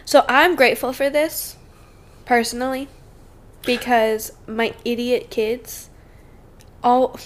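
A young woman guest co-hosting a podcast, a teacher chatting animatedly with quick reactions. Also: fairly high pitch, fairly even intonation. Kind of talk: casual chat.

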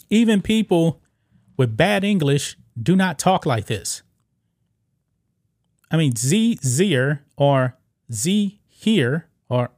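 A man's voice: on the high side, a little mellow, no room sound, clean studio sound. A man hosting a casual commentary video, reading an article aloud and reacting with disbelief, rambling with fillers and restarts.

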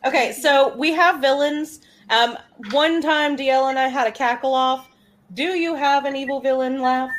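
Playful woman co-host, slightly high. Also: normal speed. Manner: playful, leading the segment. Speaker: podcast co-host. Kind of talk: casual group chat.

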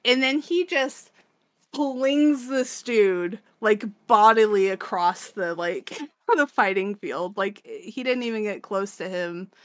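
A woman's voice: mid-range voice, slow pace, dry recording. A woman co-hosting a podcast, recapping a manga in loose, profane casual chat and acting out the characters' lines. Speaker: podcast co-host.

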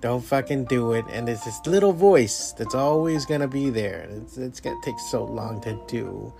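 A man's voice: mid-range voice, expressive, moderate pace, vocal fry, over music. A man hosting his own podcast, talking in a casual, rambling, profanity-heavy motivational monologue. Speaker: podcast host.

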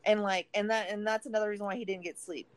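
A woman on a podcast in relaxed, loose chat, punctuated by laughter and easy swearing. She is recovering from a broken leg. The sound is dry and close, with no room echo. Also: medium pitch, fast. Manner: laughs often, swears casually. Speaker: podcast co-host. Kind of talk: casual chat.

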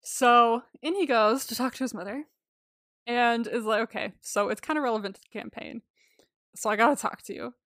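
Lively woman on a podcast mic, swears a bunch, acts out the lines, kinda high voice. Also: normal speed, no room sound, clean studio sound. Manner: animated, swears freely, laughs often, acts out quotes. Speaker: podcast co-host. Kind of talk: casual recap chat.

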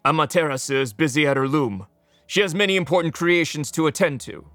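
A man's voice: fairly high pitch, a little fast, fairly bright tone, dry recording, soft background music, close to an everyday voice. A man voicing a stern elderly father god in an audio drama, firm and dismissive.

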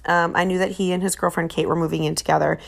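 A woman's voice: on the low side, level tone, quick pace, gravelly. A woman, chatting on her podcast in a rambling way, full of fillers and self-corrections. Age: 40s. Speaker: podcast host. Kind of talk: casual chat.

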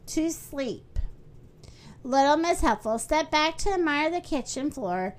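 A woman hosting a children's story podcast, reading aloud in a friendly, animated way. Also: high voice.

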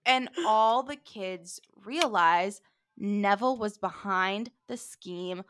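A woman's voice: medium pitch, slow, fairly bright tone. A young woman co-hosting a podcast, recapping a show in sarcastic, profane, casual chat. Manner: sarcastic, swears, jumps into quoted voices. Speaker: podcast co-host.

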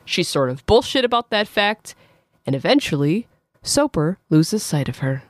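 A woman's voice: lowish voice, big pitch swings, normal speed, dry recording, studio quality. A woman co-hosting a comedic chat, telling the story in a wry, sarcastic way. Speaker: podcast co-host.

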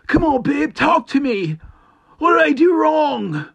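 A man's voice: very high-pitched, sing-song, measured pace, vocal fry, dry recording, dull audio, voice pushed up, full character voice. Man putting on a whiny, begging boyfriend. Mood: pleading.

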